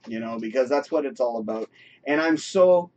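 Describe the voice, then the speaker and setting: A man hosting a casual live talk show, animated and encouraging, saying "you know" a lot. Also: medium pitch, moderate pace, lo-fi sound. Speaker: host. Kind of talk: casual chat.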